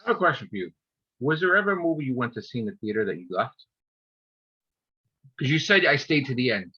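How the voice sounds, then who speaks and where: A man's voice: medium pitch, big pitch swings, fast, sharp tone, slightly rough, muffled recording. A man in casual chat, ranting with heavy profanity. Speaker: podcast host.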